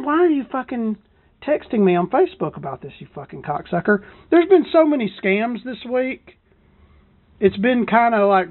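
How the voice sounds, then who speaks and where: A woman's voice: mid-range voice, no room sound. Woman podcast host, casual and profane, recorded from a truck cab, dry tinny phone-like audio. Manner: rambling, profane, self-deprecating. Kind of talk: casual solo podcast chat. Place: parked truck in a parking lot.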